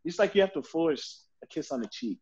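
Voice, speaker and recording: A man guest on a podcast telling family stories in a casual, animated way, often repeating words as he builds up a story. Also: a little high, brisk, breathy edge, dull audio. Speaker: podcast guest, football player.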